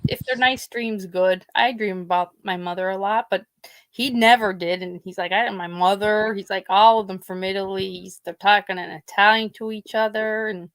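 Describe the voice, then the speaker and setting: Speaking at normal speed, this woman has a medium-pitched, steady voice that's a bit bright, with no room sound. She hosts a podcast in a Pennsylvania accent, wandering through family anecdotes and voicing her relatives' lines.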